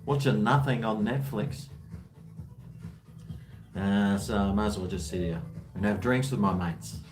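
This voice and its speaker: A man's voice: on the low side, unhurried, darkish tone, faint music behind. A man, hosting a casual home livestream, tired and rambling with many fillers and restarts. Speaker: livestream host. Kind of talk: casual livestream chat while drinking.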